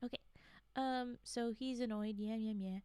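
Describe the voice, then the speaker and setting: A woman's voice: fairly high pitch, steady tone, normal speed, mellow, clean tone, dry recording. A young adult woman streamer casually reading a horror story aloud, breaking in with sarcastic, swearing asides.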